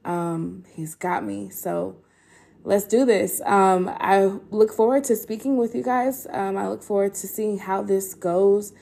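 A woman's voice: mid-range voice, steady tone, measured pace, gravelly, warm tone. A young woman hosting a podcast, talking earnestly about faith while emotional and holding back tears, with many ums and restarts. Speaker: podcast host. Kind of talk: casual faith-based encouragement talk.

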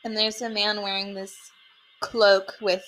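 A woman's voice: mid-range voice, little pitch movement, unhurried, fairly bright tone, faint music behind, rough recording. Wry, sarcastic young woman. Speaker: co-host. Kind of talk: casual chat.

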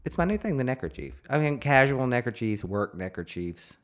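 A man's voice: mid-range voice, big pitch swings, a little fast. A man co-hosting a podcast, chatting casually in a playful, rambling, self-mocking way. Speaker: podcast co-host. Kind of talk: casual banter. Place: Nashville.

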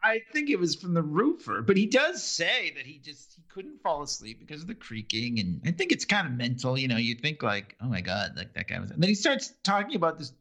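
A man's voice: on the high side, big pitch swings, brisk, hardly any pauses, sharp tone. A man co-hosting a podcast, casually recapping a TV episode, rambling and quoting scenes. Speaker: podcast co-host.

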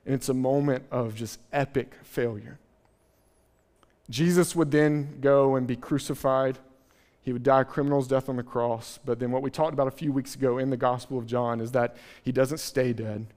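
A male pastor preaching a sermon, retelling scripture in lively, casual voices. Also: mid-range voice, moderate pace. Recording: long hall reverb.

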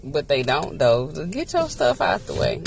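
A woman's voice: extremely low pitch, wildly swooping pitch, moderate pace, creaky. A woman hosting a casual, teasing chat from inside a car. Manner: playful, teasing. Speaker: vlog host. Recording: car road noise.

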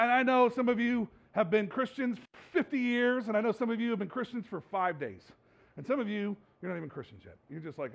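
A male pastor preaching a sermon in church in a conversational, animated way, repeating phrases for emphasis. His voice is high and gravelly. The recording sounds dull and lo-fi.

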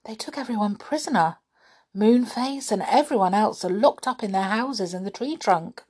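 A woman voicing a small, worried male red squirrel in a children's storybook, with a breathy voice. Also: medium pitch, moderate pace, darkish tone, voice pushed up, natural voice.

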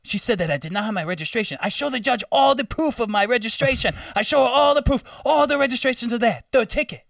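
A man's voice: lively intonation, fast talker, creaky, few pauses, fairly bright tone, no echo, distant mic, exaggerated voice. A man voicing a cheerful, boastful African Uber driver with an African accent, retelling how he beat his tickets in court. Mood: triumphant. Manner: emphatic, repetitive storytelling with raised pitch.

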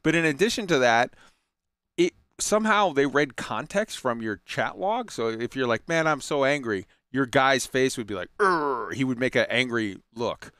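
A man chats about games in a loose, rambling way, full of fillers and the odd curse. His voice is smooth and clear. It sits at a middle pitch, recorded close and dry. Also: animated, moderate pace, fairly bright tone, no room sound. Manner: rambling, profane, enthusiastic, many fillers and restarts. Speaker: gaming commentator. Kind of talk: casual chat.

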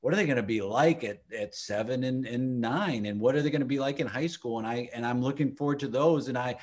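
A man's voice: medium pitch, brisk, darkish tone. Reflective, earnest father chatting. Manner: reflective, earnest, laughs easily. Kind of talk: casual podcast chat.

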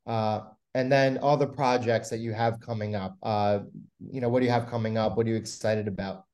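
Co-host: man, lowish voice, chatty and rambling. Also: steady tone, a little fast, darkish tone. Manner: chatty, asks rambling questions. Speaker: podcast co-host. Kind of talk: casual interview chat.

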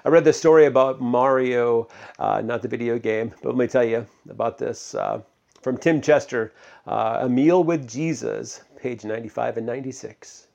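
A pastor preaching a casual, conversational sermon, full of fillers and questions to the congregation. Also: male voice, mid-range voice, moderate pace, vocal fry, a little mellow, highs cut off.

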